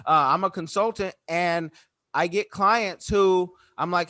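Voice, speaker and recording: Brief: young male interview host, higher pitch, lively and expressive, close dry mic. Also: measured pace, clear, resonant tone, dry recording. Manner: animated, acts out quoted remarks. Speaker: podcast host. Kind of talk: conversational interview.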